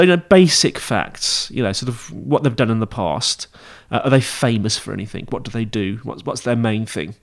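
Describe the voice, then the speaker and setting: Male podcast host, casual teaching monologue, rambling and self-correcting. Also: mid-range voice. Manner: chatty, rambling, with frequent fillers and self-corrections.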